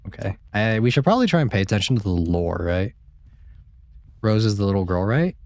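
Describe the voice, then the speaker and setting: This streamer's fairly low, slightly mellow voice comes across animated and brisk as he plays a horror game. He keeps up casual let's-play chatter with viewers, joking and swearing freely.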